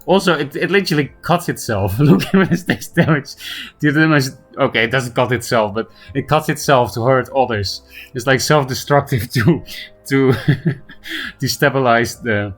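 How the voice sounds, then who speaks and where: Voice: mid-range voice, lively intonation, moderate pace, faint music behind. A game streamer chatting casually with viewers, self-mocking and repeatedly breaking into helpless laughter. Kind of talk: casual live-stream chat.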